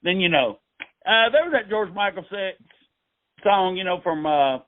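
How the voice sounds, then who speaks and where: A rambling man hosting a casual comedic interview, his fairly high voice dry and narrow, like it is coming through a phone. He talks in a folksy way, with loose asides and restarts. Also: expressive, moderate pace, no room sound. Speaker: host.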